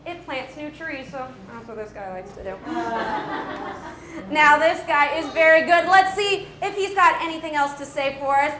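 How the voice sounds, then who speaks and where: A woman's voice: high-pitched, moderate pace, a bit bright, reverberant, slight background noise. A woman wildlife educator giving an upbeat live animal presentation to children, asking them questions and laughing often.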